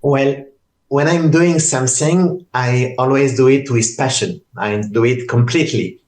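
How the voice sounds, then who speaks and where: A man's voice: medium pitch, a little slow, darkish tone. A man with a strong Southern French accent, a native French speaker, answering interview questions in modest, careful English. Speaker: guest, teacher and author. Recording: roomy echo.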